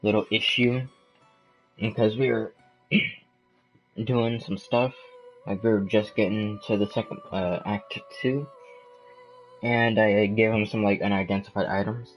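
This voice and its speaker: A man's voice: fairly low pitch, fairly even intonation, unhurried, long pauses, soft background music, rough recording. A young man streaming a game, rambling casually while sniffling and eating. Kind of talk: casual gaming commentary.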